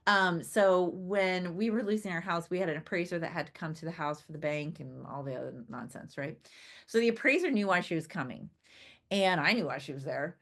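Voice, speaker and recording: A woman leads a motivational business training session in a casual, talkative way. She laughs often and keeps turning to her listeners with a quick "right?". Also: fairly low pitch, fairly bright tone.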